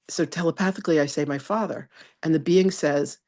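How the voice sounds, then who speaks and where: A middle-aged woman teaching a live spiritual masterclass, telling a personal story in a chatty, animated way and calling on students by name. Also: sits low, fairly quick.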